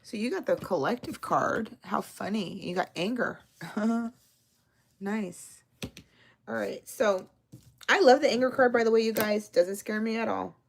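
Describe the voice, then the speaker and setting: A woman's voice: mid-range voice, a little slow, gravelly, a little hiss or hum. A woman giving live tarot readings, talking casually and affectionately to viewers, reading their names and answering their comments. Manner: casual, affectionate, uses slang and cussing. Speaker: tarot reader.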